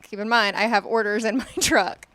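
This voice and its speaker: A woman's voice: medium pitch, steady tone, fairly quick, fairly bright tone, no echo. A woman bantering on a morning talk show, teasing and laughing. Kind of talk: casual chat.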